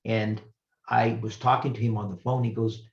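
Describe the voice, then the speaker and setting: A man's voice: lowish voice, flat delivery. Older man giving an earnest, reflective talk. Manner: earnest, reflective, with pauses and restarts. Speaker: retired professor, guest speaker. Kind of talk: personal storytelling lecture. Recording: roomy, slightly muffled recording.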